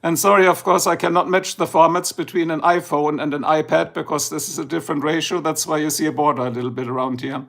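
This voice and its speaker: A man's voice: on the high side, steady tone, fast talker, creaky, few pauses, a bit bright. A middle-aged man with a German accent, chatting casually and rambling on a livestream, just woken up. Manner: chatty, rambling, switches between English and German. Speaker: livestream host.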